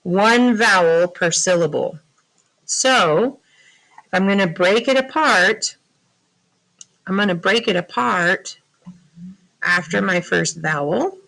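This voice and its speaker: Slow, patient woman teaching phonics. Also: medium pitch, lively intonation, vocal fry, fairly bright tone, rough recording. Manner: patient, asks questions and answers them herself. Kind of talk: slow classroom phonics lesson.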